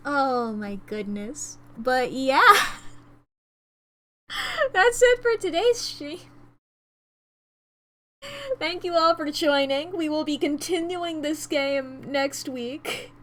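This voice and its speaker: A woman streamer wrapping up a stream, excitable and giggly, chatting casually with her viewers. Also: high voice, slow, pauses often. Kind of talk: casual stream wrap-up chat.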